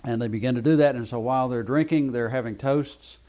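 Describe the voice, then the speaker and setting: A man's voice: medium pitch, a little fast, mellow. A man leading a Bible study class, explaining at length with many hesitant fillers. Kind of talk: classroom teaching.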